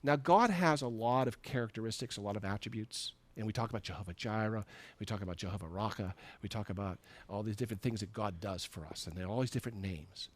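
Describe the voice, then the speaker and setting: A middle-aged man preaching as a pastor, telling a personal story in a conversational way, acting out the dialogue and laughing at himself. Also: lowish voice. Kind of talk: storytelling sermon. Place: church sanctuary.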